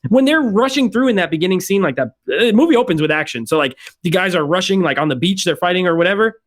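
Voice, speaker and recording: A man's voice: high-pitched, lively intonation, fast. A young man hosting a movie review podcast, chatty and opinionated, often laughing into his words. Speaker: podcast host. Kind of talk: casual movie review chat.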